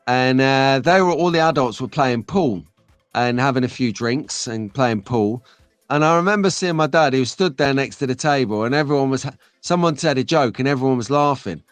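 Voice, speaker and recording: A man's voice: mid-range voice, normal speed, no room sound, soft background music. A middle-aged man hosting a live stream, chatting casually and reading out viewer comments. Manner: chatty, rambling, reads chat comments aloud. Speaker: host of a live stream show.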